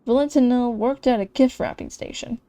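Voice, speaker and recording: A woman's voice: a little high, fairly even intonation, normal speed, warm tone. A young woman streamer reading game narration aloud in a wry storytelling manner.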